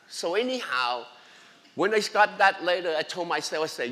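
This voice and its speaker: Guest speaker, male, bright and forceful delivery, earnest testimony, long church-hall reverb. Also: sits high, lively intonation, normal speed. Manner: earnest, emotional, non-native English grammar. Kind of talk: personal faith testimony. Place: church sanctuary.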